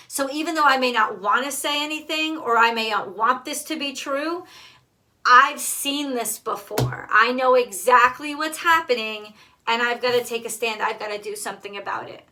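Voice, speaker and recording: Tarot reader, woman, bright higher voice, blunt and emphatic, swears freely. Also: moderate pace. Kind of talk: casual tarot card reading.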